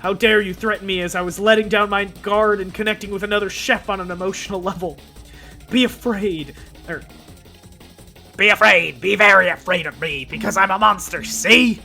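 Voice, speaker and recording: A woman voicing a loud, theatrical male food monster making hammy threats. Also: medium pitch, steady tone, a little fast, faint music behind, close to an everyday voice. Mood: menacing.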